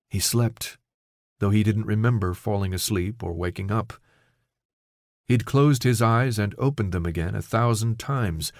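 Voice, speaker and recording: A man narrates an audiobook in a steady, measured telling with a somewhat low voice. The recording is dry and close on a studio mic, with no room sound. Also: no echo.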